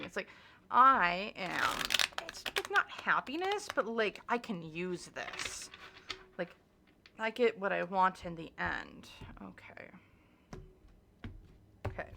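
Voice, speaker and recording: A woman's voice: medium pitch, creaky, noisy background. A woman doing a casual tarot reading, talking in a chatty, hedging way with lots of fillers and restarts. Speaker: tarot reader.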